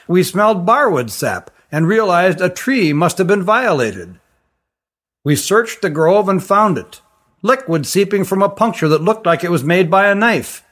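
A stern male stranger in a storybook, his voice lifted noticeably high as a man puts him on and he lays out events in a measured, explanatory way. The delivery is steady and deliberate.

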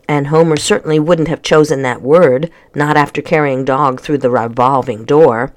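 An audiobook narrator reading a children's novel in an even, measured way. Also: mid-range voice. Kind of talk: scripted narration.

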